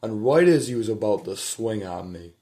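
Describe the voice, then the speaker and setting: A man with a low, mellow voice recounts a story to the camera from his home at night. He rambles and swears, restarts his sentences, and lets his voice sink to a murmur now and then. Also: lively intonation, normal speed. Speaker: vlogger telling a personal story.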